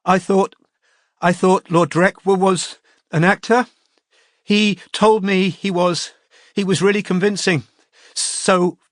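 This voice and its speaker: A man's voice: high voice, fairly bright tone, no echo, clean studio sound, pitched above the performer's own voice. A man voicing a distraught young woman who pleads and stammers through tears.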